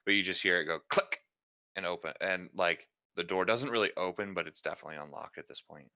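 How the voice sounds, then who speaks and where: A man's voice: deep voice, fast talker, noisy background. A man narrating a tabletop role-playing game as game master, describing scenes in a rambling way with lots of fillers and self-corrections. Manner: laughs often between lines.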